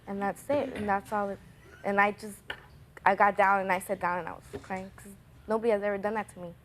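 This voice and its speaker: A woman's voice: medium pitch, flat delivery, fairly quick, a little hiss or hum. A woman testifying as a litigant in court, insistent and protesting.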